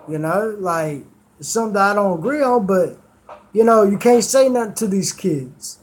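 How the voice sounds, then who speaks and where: A man's voice: high-pitched, lively intonation, normal speed. A man streamer telling rambling stories in casual chat, swearing freely.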